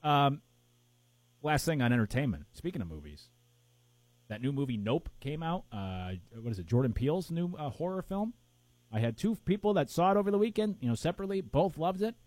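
Casual male co-host, lively and animated delivery, rambling, dry close recording. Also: fairly high pitch, a little fast, no echo. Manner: rambling, searching for names with fillers. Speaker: podcast co-host. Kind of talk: casual chat.

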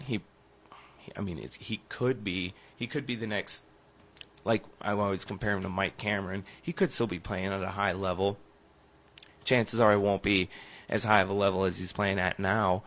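A man's voice: on the low side, fairly bright tone. A man co-hosting a sports radio show, talking in a chatty, rambling, teasing way and often interrupting. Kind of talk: casual sports radio banter.

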